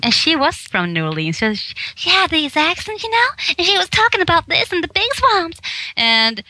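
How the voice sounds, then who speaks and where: A woman's voice: very high-pitched, moderate pace, dry recording. A woman from Sweden, a voice actress, chatting in an interview and laughing often. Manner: giggly, animated, laughs often. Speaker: guest voice actress. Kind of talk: casual interview chat.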